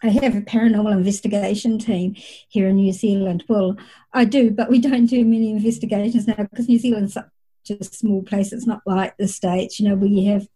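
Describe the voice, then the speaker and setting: Using a mid-range, mellow, slightly rough voice, a middle-aged psychic medium goes on at length about her experiences, a little fast and with fairly even intonation. The reflective interview has a conversational storytelling feel, and the audio quality is poor.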